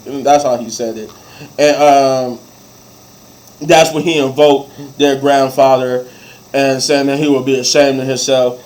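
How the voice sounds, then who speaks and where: A man's voice: a little high, darkish tone, low-quality recording. A man casually recapping a wrestling show, acting out quoted lines as he goes.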